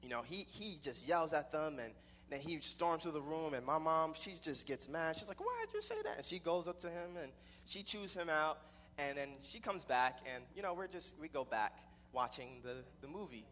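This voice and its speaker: A man's voice: on the high side, normal speed, a bit bright, in a large hall. A young man telling a personal story in a rambling way, with many repeated restarts.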